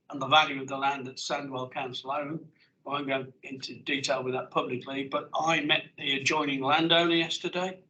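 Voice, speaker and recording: A man chairing a formal board meeting, brisk and plain-spoken, with joking asides. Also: on the high side, pushed and bright, a little hiss or hum, rough recording.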